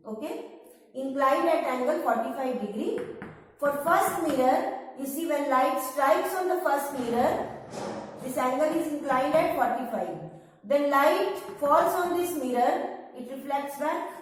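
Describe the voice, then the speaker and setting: A woman teaching a science class, explaining step by step and repeating key points patiently. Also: high voice. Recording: echoey room, far from the mic.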